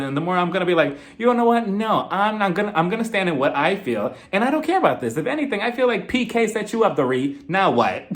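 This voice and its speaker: Gossipy, frank young-sounding male reviewer. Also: on the high side. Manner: frank, profane, laughing, gossipy. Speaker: TV review host. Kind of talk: casual reality TV commentary.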